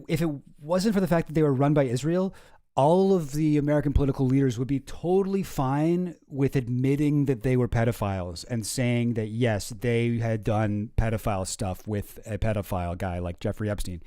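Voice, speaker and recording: Mellow-voiced sardonic streamer guy. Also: medium pitch, no room sound, studio quality. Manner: sardonic, rambling. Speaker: streamer host. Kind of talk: casual reaction commentary.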